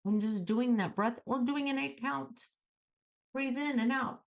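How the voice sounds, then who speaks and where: A middle-aged woman hosting a self-help talk show, coaching viewers in an animated way and acting out calm self-talk. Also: a little high, measured pace, vocal fry. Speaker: host.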